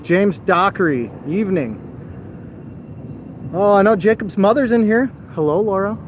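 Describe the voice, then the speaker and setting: A man with a fairly high voice hosts a casual live fishing stream at night, reading out viewers' names and thanking them for joining. He talks loosely about catfishing between greetings. The outdoor recording carries clear background noise. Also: lively intonation, unhurried. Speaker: fishing show co-host.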